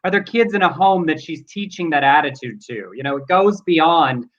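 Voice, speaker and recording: A man's voice: fairly high pitch, animated, moderate pace. Earnest male co-host, muffled audio. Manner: earnest, reflective. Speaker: talk show co-host. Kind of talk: casual news chat.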